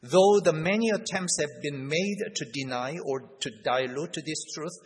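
A man preaching an expository Bible lesson, slow and deliberate, leaning hard on key words. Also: a little high, long reverb tail, slight background noise, low-quality recording.

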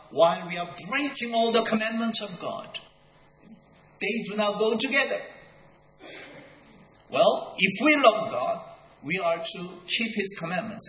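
Guy preaching, high bright voice, slow and emphatic, lots of echo from a big hall. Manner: deliberate, emphatic, repeats key words. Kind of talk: sermon. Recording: echoey hall with long reverb.

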